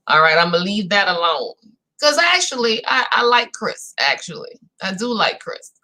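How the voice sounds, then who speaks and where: A woman's voice: medium pitch, normal speed. A woman from New Orleans with a New Orleans accent, chatting casually as she recaps a reality show for her viewers. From New Orleans, Louisiana. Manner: animated and chatty, addresses viewers as "y'all". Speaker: recap host.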